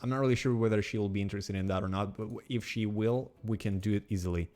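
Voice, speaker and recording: Low-voiced man with a Russian accent. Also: quick pace, darkish tone. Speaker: podcast co-host. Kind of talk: casual chat.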